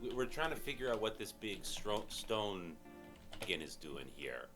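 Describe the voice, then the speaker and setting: A man voicing Harold, a cheerful, friendly halfling man in his sixties or seventies, in a bright, chirpy put-on voice. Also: on the low side, very animated, normal speed, over music. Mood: earnest. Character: cheerful older male halfling, small and friendly.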